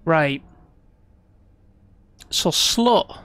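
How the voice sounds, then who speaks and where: Clear-voiced streamer, swearing as he plays. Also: on the high side, very slow. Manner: frustrated, swearing, talking himself calm. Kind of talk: live gameplay commentary.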